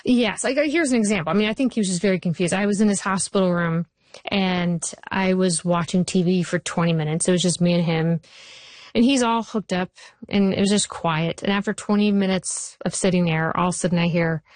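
A woman in her forties, a TV writer, telling animated stories as an interview guest. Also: on the low side, dry recording. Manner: animated storyteller, rushes through anecdotes. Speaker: TV writer and showrunner.

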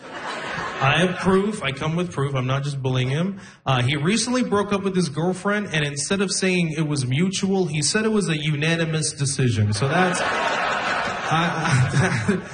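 A young man performing a stand-up comedy set, telling stories deadpan and laughing at his own jokes. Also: fairly high pitch, measured pace, a little hiss or hum. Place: comedy club stage with audience.

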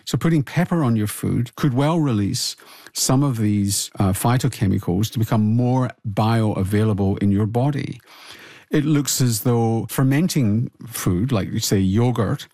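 A man, co-hosting and explaining food science in a measured way, listing points with small restarts. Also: lowish voice, dark tone, no echo, clean studio sound. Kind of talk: explanatory chat about nutrition.

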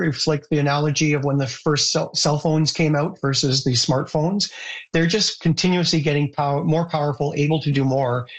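A man answering radio interview questions about education in a steady, explanatory way. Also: a little high, rough recording. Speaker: education guest.

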